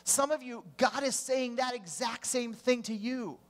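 A man preaching a sermon as a pastor, telling the story with animation and swinging from loud to hushed. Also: extremely high pitch, measured pace, hardly any pauses.

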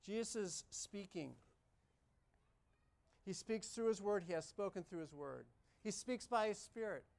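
A pastor delivers a sermon at a church service at an unhurried, deliberate pace. The speaker repeats key phrases for emphasis and puts question after question to the congregation. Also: mid-range voice, creaky, a little mellow. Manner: emphatic, repetitive, asks the congregation many questions.

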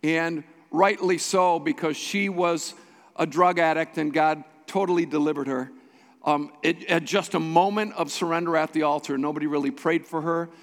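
High-voiced man preaching in a reverberant hall. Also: steady tone, moderate pace. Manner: emphatic preaching with repeated phrases. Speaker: pastor. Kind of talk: sermon. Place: church sanctuary.

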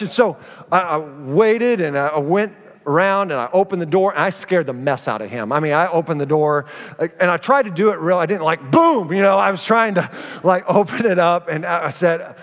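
A man preaching a sermon as pastor, telling stories with animated energy and acting out the voices of the people in them. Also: a little high, a little fast. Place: church sanctuary. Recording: reverberant church sanctuary.

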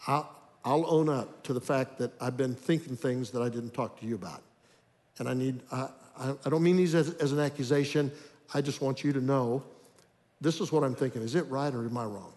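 In a large hall with long reverb, an older male preacher delivers an earnest sermon on marriage, driven by stories in which he acts out inner thoughts. His voice is mid-range and darkish, and he talks briskly.

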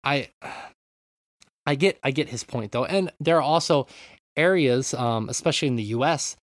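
Man, podcast host, casual gaming chat, rambling, swears a lot, middle pitch, dry close sound. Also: measured pace, dry recording. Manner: rambling, swears freely, reads listener comments.

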